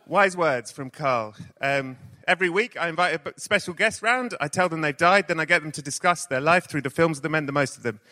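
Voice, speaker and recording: On stage in front of a live audience, a podcast host jokes through playful introductions, the theatre's echo audible in the recording. His voice sits on the high side, sharp and brisk, with hardly any pauses.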